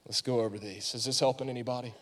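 A pastor in his thirties preaching a sermon, telling stories and rising to fervent shouts. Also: medium pitch, steady tone, fast. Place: church sanctuary. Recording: long hall reverb.

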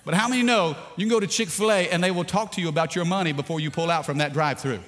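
Joking pastor preaching in a reverberant church. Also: male voice, fairly high pitch, racing, fairly bright tone, a little hiss or hum. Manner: jokey, talks to the congregation, repeats himself. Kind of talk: sermon. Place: church sanctuary. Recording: long hall reverb.

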